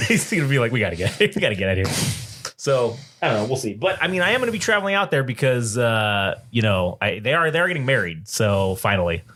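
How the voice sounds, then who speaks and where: A man's voice: mid-range voice, big pitch swings, fast, fairly bright tone. A young man co-hosting a podcast, telling stories in casual chat, profane and often laughing, acting out the people in them. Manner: laughing storyteller, profane, acts out other people's voices. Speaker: podcast co-host.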